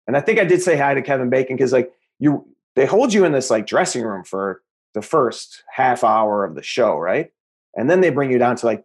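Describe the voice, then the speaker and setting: A man in his forties, a guest comedian chatting casually, easygoing and quick to laugh. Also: medium pitch, slightly rough. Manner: easygoing, laughs often, says "dude".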